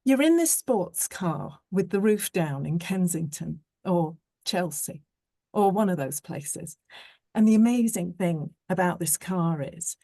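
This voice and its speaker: Woman reading as sharp-tongued young woman, teasing, playful, unhurried, dry close sound. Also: on the low side, dry recording, exaggerated voice. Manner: playful, mocking.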